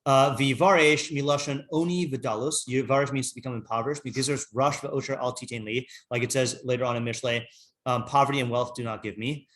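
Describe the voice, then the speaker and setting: A man's voice: mid-range voice, fairly even intonation, fairly quick, fairly bright tone. A man, a rabbi, teaching a casual morning class, reading Hebrew texts and thinking aloud with many fillers.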